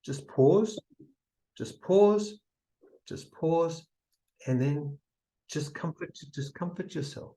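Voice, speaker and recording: A man giving a motivational seminar talk, emphatic and repetitive, sometimes dropping to a soft near-whisper to demonstrate. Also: a little high, slow, pauses often, low-quality recording. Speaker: seminar speaker.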